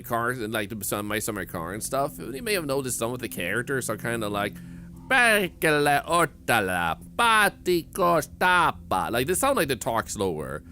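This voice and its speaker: A man's voice: lowish voice, a bit bright, a little hiss or hum. A man from northern Sweden with a Swedish accent, chatting casually with his viewers while streaming a game and laughing often. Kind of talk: casual live-stream commentary.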